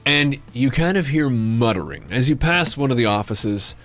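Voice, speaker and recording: A man narrates a tabletop game as its game master, describing rooms and calling for rolls. His voice sits at an average pitch, and he often restarts his phrases. Faint music plays underneath. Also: animated, moderate pace, fairly bright tone.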